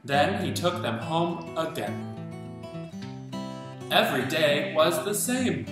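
A man, an English teacher, reading a storybook aloud to children and asking them questions along the way. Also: on the high side. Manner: slow, animated, asks listeners questions. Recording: roomy echo, loud guitar music.

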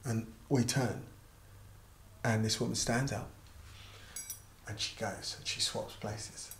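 With a lowish voice and slow pace, a middle-aged musician and artist manager relates an anecdote in an interview. He tells it in an animated way, taking on the voices of the people in it. The recording carries roomy echo and faint noise.

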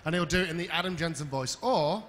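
A man's voice: on the high side, quick pace, a bit bright. A man hosting a convention games stage, upbeat and jokey as he runs audience questions. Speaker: panel host. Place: large convention hall stage. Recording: echoey hall with faint crowd noise.

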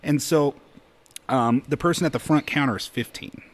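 A man from Colorado, a podcast co-host, telling a story in an animated, chatty way with many fillers. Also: mid-range voice, normal speed. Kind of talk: casual storytelling.

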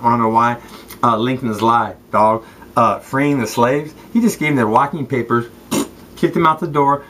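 A man's voice: medium pitch, a bit bright, a little hiss or hum, low-quality recording. A man from Southern California, a former football player, ranting to the camera in a rambling, profane way, full of street slang and calling out people by name. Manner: street slang, addresses people directly, repeats "straight up" and "okay".

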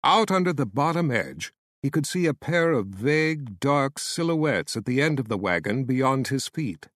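A man narrating a fantasy audiobook with measured, dramatic storytelling. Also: medium pitch, animated, a bit bright, no room sound, studio quality.

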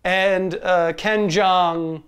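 A man co-hosting a casual movie review podcast, wry and quick to laugh while making his points. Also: high voice, steady tone, fairly bright tone, clear, resonant tone. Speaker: podcast co-host.

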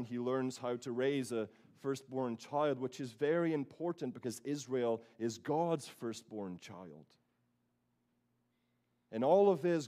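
A man pastor delivers a Sunday sermon in a church sanctuary. He tells the story with a storyteller's energy and lively, acted-out voices, at a medium pitch.

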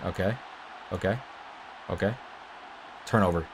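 A young man giving casual, excitable commentary over his own football video game, swearing and hyping the plays. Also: sits low, measured pace, noisy background. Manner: excitable, swears a lot, laughs and shouts at big plays. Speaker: gaming video creator. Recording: music bed under the voice.

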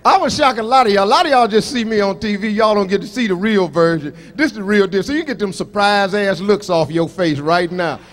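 A man's voice: high voice, brisk, hardly any pauses. A middle-aged man from Chicago doing live stand-up comedy, brash, profane and confrontational with the crowd, on stage at a casino venue. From Chicago, Illinois.

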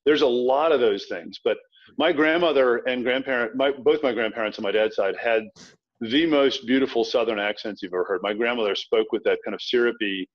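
Quick, restart-prone man on a lo-fi line. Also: medium pitch. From Virginia. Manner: quick, anecdotal, frequent restarts. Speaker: author guest. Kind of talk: casual interview chat. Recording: dull lo-fi sound.

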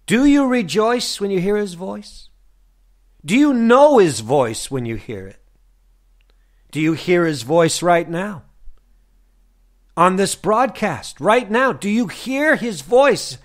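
A man delivers a fervent broadcast sermon, his voice high and swinging widely in pitch. He preaches at an unhurried, deliberate pace, firing repeated questions at his listeners. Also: animated.

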